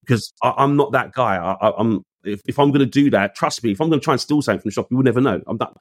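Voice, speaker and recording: A man's voice: mid-range voice, very fast, dry recording, studio quality. A man, telling a story in casual conversation. He acts out the voices he quotes and uses street slang. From England. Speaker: guest.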